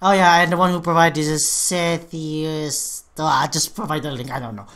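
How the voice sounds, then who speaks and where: A woman hosting a casual reaction video, excitable and swearing freely. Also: low-pitched, moderate pace, hardly any pauses.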